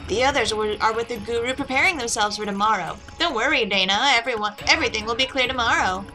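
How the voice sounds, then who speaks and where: A woman's voice: on the high side, quick pace, pushed and bright, poor audio. A woman voicing a devout adult male cult follower who speaks in a solemn, preaching cadence in a video game.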